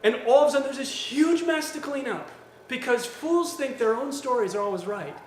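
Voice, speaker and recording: A man preaching a sermon, lively and acting out quoted voices, with gentle humor. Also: extremely high pitch, normal speed, a little hiss or hum. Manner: animated, acts out quoted voices with jokes. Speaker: pastor. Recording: echoey church hall with faint ambience.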